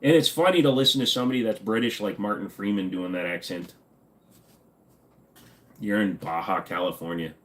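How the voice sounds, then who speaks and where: A man's voice: fairly low pitch, moderate pace, pauses often, fairly bright tone. A man in his forties hosting a casual livestream, reading chat messages aloud and answering them in a joking, offhand way. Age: 40s. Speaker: livestream host.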